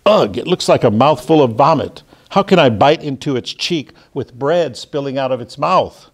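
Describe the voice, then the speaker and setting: A man's voice: mid-range voice, normal speed, darkish tone, lightly acted. A man reading aloud the part of an exasperated husband complaining about his dinner. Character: fed-up, grumbling husband at the dinner table.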